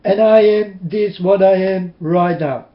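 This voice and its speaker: Urgent high-voiced man preaching to webcam. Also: a little slow. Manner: urgent, repeating, pleading with listeners. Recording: roomy, dull webcam audio.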